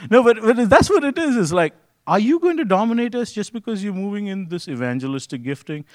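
A man preaching a conversational sermon, joking and swinging between loud, excited bursts and hushed, quiet stretches. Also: high voice, a little fast, dry recording.

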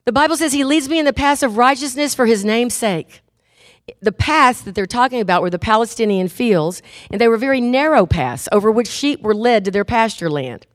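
A middle-aged woman preaching a sermon, telling stories with lively acted-out voices. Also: on the high side, brisk, no echo, clean studio sound. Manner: animated storytelling, acts out inner voices.

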